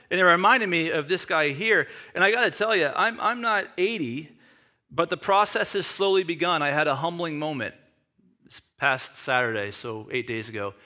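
A man's voice: a little high, sharp tone. A man in his forties preaching a sermon, reading scripture and telling self-deprecating stories in a conversational way. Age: 40s. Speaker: pastor.

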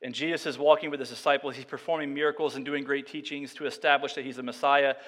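A male pastor preaching a sermon, moving between quiet, slow reflection and loud, emphatic passages. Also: medium pitch, fairly even intonation, long reverb tail.

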